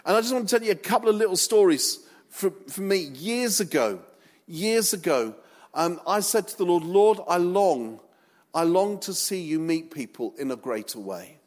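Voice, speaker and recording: A man preaching a humorous sermon, telling stories against himself and building up to emphatic calls to obey. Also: medium pitch. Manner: storytelling, self-mocking, building to emphatic exhortation. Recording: echoey hall recording.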